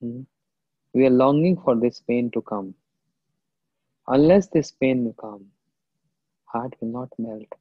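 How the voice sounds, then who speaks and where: A man delivers a slow, reflective devotional lecture, pausing often and quoting verses in an Indian language. His voice is husky and sits at a middle pitch. The sound is tinny and phone-like, with a dry, close feel. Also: no room sound. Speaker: spiritual teacher.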